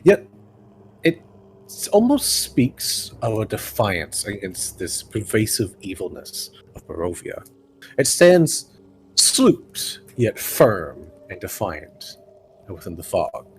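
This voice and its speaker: A man narrating as game master in a tabletop game, describing scenes slowly with fillers. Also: fairly low pitch, wildly swooping pitch, slight background noise.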